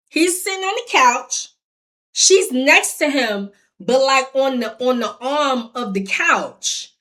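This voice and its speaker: A woman telling a story straight to her viewers, acting out the other voices, swinging from low mutters to loud outbursts and laughing as she goes. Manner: laughs while telling, addresses viewers directly. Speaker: storyteller vlogger. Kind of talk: animated storytime vlog.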